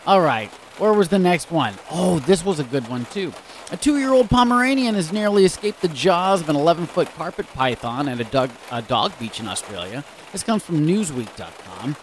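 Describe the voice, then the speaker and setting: A man's voice: fairly high pitch, a little hiss or hum. A man hosting a music show, reading weird news stories in a chatty, casual way and reacting aloud. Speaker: radio show host.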